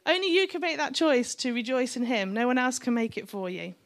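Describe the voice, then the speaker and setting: A woman's voice: high-pitched, a little fast. A middle-aged woman preaching a sermon, chatty and encouraging, with joking asides to the congregation.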